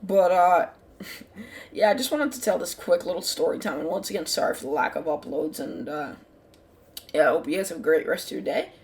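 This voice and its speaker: A woman's voice: on the low side, a little fast, darkish tone. A woman hosting her own channel, telling a story in a casual, rambling way, full of "like" fillers and the odd swear word. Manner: rambling, heavy use of "like" fillers. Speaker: channel host.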